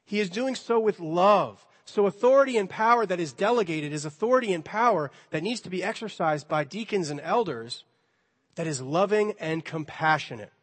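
A man with a high voice preaches in a church sanctuary. His delivery is conversational and lightly playful, and he slips into the dialogue of the people in his story. The hall gives his voice a long reverb. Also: lively intonation, normal speed. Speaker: pastor. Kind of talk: sermon.

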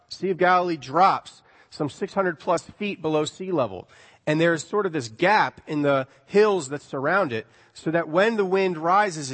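Animated man preaching in a reverberant hall. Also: on the high side. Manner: conversational, animated storytelling with rhetorical questions. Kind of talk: sermon.

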